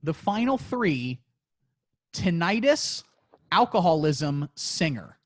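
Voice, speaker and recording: A man's voice: on the high side, very animated, slow pace. A man co-hosting a crude comedy podcast and running a movie quiz, talking in a playful, teasing, mock-boastful way.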